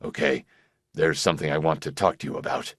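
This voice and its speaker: A man's voice: steady tone, a little fast, breathy edge, no echo, clean studio sound. A man reading an audiobook, voicing a weary middle-aged man who answers tersely. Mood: curt. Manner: low, terse, tired.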